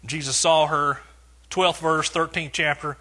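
Husky preacher man, emphatic and bright. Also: fairly high pitch, fairly even intonation, measured pace. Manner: preaching with emphatic repetition and rising swells. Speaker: pastor. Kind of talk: sermon.

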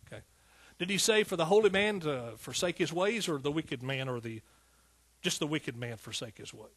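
A man's voice: fairly high pitch, expressive, normal speed, a bit bright, breathy edge. A man preaching a sermon in a fervent, rhythmic way, often calling out to his listeners. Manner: fervent, rhythmic preaching with repeated calls to the congregation.

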